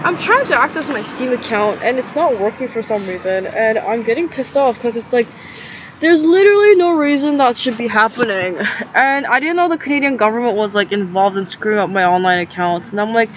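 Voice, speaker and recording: High-voiced young woman ranting. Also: expressive, moderate pace. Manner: rambling, agitated, frequent "like" fillers. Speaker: vlogger. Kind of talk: rambling casual monologue. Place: in a tent. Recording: slightly dull lo-fi audio with faint background noise.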